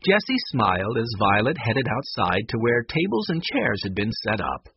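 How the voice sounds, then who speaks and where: A man narrating a children's storybook in a calm, measured, expressive way, on a dull lo-fi recording. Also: medium pitch, vocal fry, slightly rough. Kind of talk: storybook reading.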